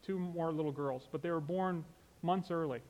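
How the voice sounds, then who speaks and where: A man's voice: on the high side, moderate pace, darkish tone, in a large hall. A man preaching a sermon in an earnest, conversational way, with casual asides as he tells a story.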